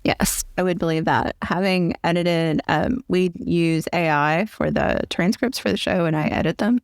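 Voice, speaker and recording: A woman's voice: lowish voice, normal speed, creaky, no room sound, studio quality. A woman from the American South with a Southern accent, hosting a podcast interview and chatting casually. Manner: chatty, thinks aloud with restarts. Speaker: podcast host.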